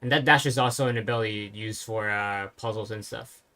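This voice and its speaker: A game streamer giving casual let's-play commentary, thinking aloud and pausing often with fillers. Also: mid-range voice, fairly even intonation, bright, forceful tone.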